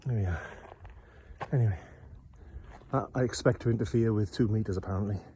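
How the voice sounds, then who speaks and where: A man's voice: on the low side, brisk, warm tone, slight background noise. A man, chatting casually into a handheld phone outdoors on a hillside, rambling and self-deprecating. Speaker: amateur radio vlogger. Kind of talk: casual hiking vlog narration.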